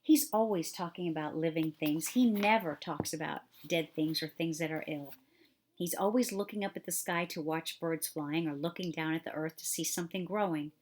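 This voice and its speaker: A woman's voice: low voice, normal speed, darkish tone, a little hiss or hum, lightly acted. A woman voicing a blunt, stubborn young girl who talks eagerly about the moor. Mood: earnest. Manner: obstinate, eager.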